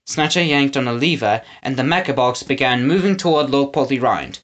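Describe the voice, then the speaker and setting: A woman narrating a children's audiobook with an expressive reading style. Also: rumbling low, fairly quick, few pauses. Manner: expressive reading, lively intonation. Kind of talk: storybook narration.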